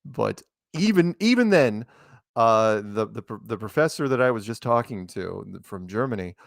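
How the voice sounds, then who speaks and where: A man's voice: fairly low pitch, creaky, no room sound, studio quality. A man talking as a guest in a casual, rambling chat, laughing often.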